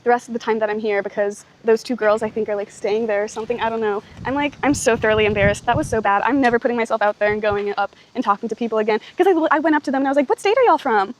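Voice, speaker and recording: A woman's voice: on the high side, racing, hardly any pauses, a little hiss or hum. A young woman chatting to camera in a travel vlog, rambling and self-mocking, with plenty of "like". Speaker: travel vlogger. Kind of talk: casual vlog chat to camera.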